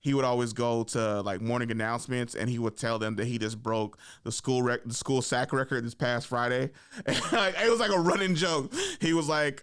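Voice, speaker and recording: A young man hosting a podcast, telling a story in a casual, animated way, full of slang and swearing, acting out what people said. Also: mid-range voice, a little fast. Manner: animated, acts out quotes, swears freely, slangy. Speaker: podcast host.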